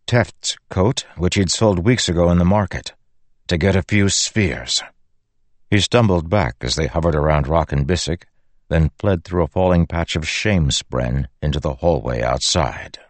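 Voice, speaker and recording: Brief: male audiobook narrator, measured delivery, low voice. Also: lively intonation, no echo. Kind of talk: scripted narration.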